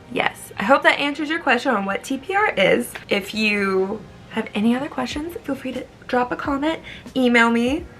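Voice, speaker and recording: A young woman, an online English teacher, explaining in a casual, bubbly, animated way and acting out words. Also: fairly high pitch.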